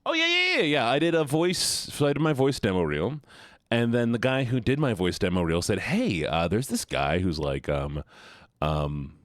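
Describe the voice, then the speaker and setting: Young male streamer, low and lively, rambly, dry sound. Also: moderate pace, no room sound. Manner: chatty, rambling, repeats words, laughs often. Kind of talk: casual chat with viewers.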